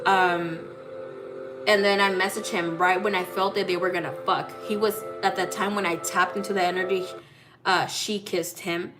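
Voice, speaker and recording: A woman's voice: fairly low pitch, flat delivery, moderate pace. A woman reading tarot, telling a personal story in a blunt, profane way and acting out the dialogue. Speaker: psychic tarot reader. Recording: clear music playing under voice. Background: music.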